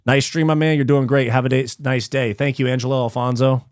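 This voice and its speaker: A man hosting a live stream, chatting casually, reading viewer messages aloud and thanking them, relaxed and slangy, swearing freely. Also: medium pitch, fast talker, hardly any pauses, no echo, clean studio sound.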